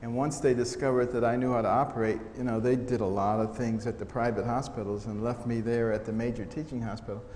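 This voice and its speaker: A middle-aged American man tells stories to an audience with a dry, humorous flair and a voice that is neither high nor low. His words echo around a large hall, with a faint hiss underneath. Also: fast talker, few pauses. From United States. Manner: humorous, animated storytelling with quoted voices. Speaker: speaker giving a testimony talk. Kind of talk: storytelling talk to an audience. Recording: echoey hall sound with faint noise.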